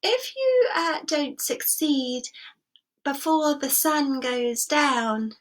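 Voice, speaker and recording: A woman doing a slow, solemn old king. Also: high-pitched, lively intonation, voice pushed up, exaggerated voice, low-quality recording.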